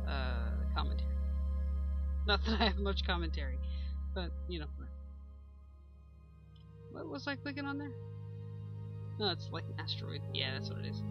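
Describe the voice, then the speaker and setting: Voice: medium pitch, dull audio. A young adult hosting a gaming channel, chatting casually over gameplay with lots of ums, uhs and small chuckles. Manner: rambling, many ums and uhs, chuckles often. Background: faint game music.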